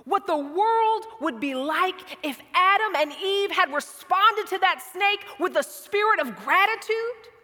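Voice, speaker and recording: A woman preaching a sermon with slow, dramatic delivery that sinks to soft whispers. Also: very high voice, lively intonation, in a large hall.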